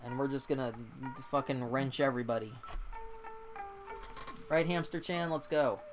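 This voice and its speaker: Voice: mid-range voice, moderate pace, music in the background. Tired, swearing game streamer. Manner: ranting, profane, exasperated. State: exhausted, yawning. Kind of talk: casual game-stream chat.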